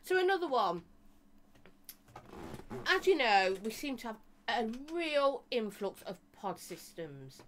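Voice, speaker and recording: A woman's voice: a little high, big pitch swings, measured pace. A woman hosting a live stream, chatting casually with viewers in a rambling way full of "you know" and restarts. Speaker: live-stream host and vape reviewer.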